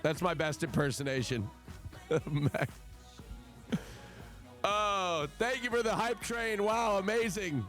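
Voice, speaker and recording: Unhurried profane male streamer. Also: high-pitched, soft background music. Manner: profane, excitable, mock-outraged. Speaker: livestreamer. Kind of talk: casual livestream chat. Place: home streaming setup.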